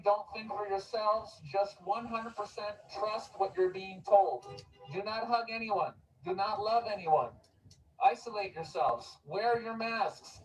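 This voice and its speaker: A man doing a sarcastic, deadpan street comedy monologue outdoors on a city street, repeating exhortations to a passing crowd. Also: high voice. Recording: distant outdoor street recording.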